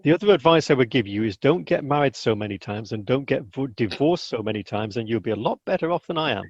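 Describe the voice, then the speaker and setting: A man's voice: medium pitch, fast talker, husky, dry recording. A man being interviewed as a guest, telling stories casually, acting out the people he quotes and often restarting his sentences. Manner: animated, acts out quotes, many restarts. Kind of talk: casual storytelling. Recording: dull lo-fi dry recording.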